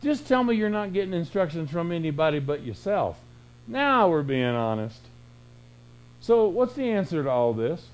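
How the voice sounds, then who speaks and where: A man preaching a sermon, emphatic and full of rhetorical questions, swinging between loud bursts and hushed lines. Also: on the high side, sing-song, moderate pace, poor audio. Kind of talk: radio sermon.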